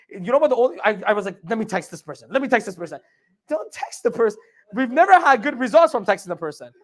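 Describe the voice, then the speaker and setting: Male motivational speaker, live training session, animated delivery, questions to the crowd, acts out inner voices. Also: extremely high pitch. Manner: animated, asks the audience questions, acts out his inner dialogue. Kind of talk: live training talk to an audience.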